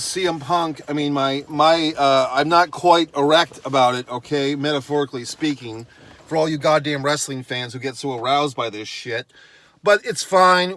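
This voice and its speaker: A man's voice: fairly high pitch, moderate pace, a bit bright. A man delivering a profane, sarcastic rant on his vlog, blunt and dismissive in tone. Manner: sarcastic, heavy swearing. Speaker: wrestling commentator.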